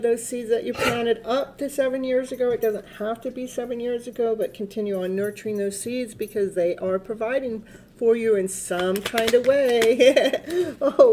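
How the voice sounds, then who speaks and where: A woman's voice: on the high side, warm tone, a little hiss or hum. A woman giving a casual tarot reading, chatting, laughing often and coaxing her dog. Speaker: tarot reader.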